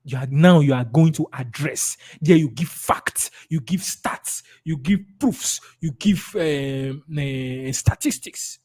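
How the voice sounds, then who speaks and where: A man's voice: on the high side, takes it slowly, hardly any pauses, darkish tone. A man with a Nigerian accent leading a sales training webinar, emphatic and repeating his key points.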